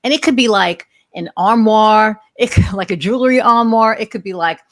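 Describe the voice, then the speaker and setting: A woman's voice: mid-range voice, moderate pace, no room sound, clean studio sound. A woman in her sixties hosting a podcast, telling rambling, chatty stories and joking about her age. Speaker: podcast host. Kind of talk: casual conversational interview.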